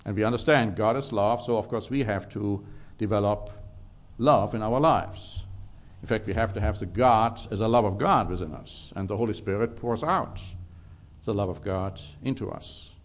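A man's voice: lowish voice, normal speed. A man preaching a sermon, emphatic, reading scripture aloud and stressing key words.

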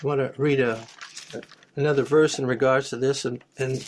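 A man's voice: mid-range voice, fairly even intonation, moderate pace, a little hiss or hum. A man teaching a Bible study, reading verses aloud and then explaining them plainly, with small restarts. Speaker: preacher.

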